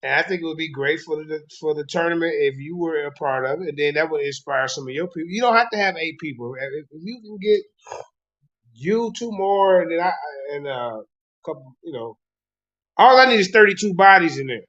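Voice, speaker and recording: A man organizing a tournament pleads and coaxes on a livestream panel. His voice runs fairly high. The audio comes through dull and lo-fi. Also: animated, brisk, a bit bright. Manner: coaxing, pleading, talking over others. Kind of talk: persuasive livestream chat.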